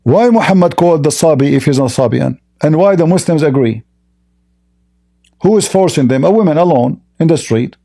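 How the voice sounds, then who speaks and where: Scornful man with a dark, mellow voice. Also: on the high side, animated, normal speed. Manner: mocking, scornful, repeats rhetorical questions. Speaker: religious debate host. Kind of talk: combative religious debate monologue.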